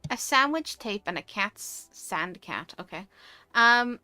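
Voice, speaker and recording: A young woman with a posh English accent, chatting casually on a stream and ranting with animated energy. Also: medium pitch, slow pace, no room sound, soft background music. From United Kingdom. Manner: animated, ranty. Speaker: VTuber streamer. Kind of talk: casual chat.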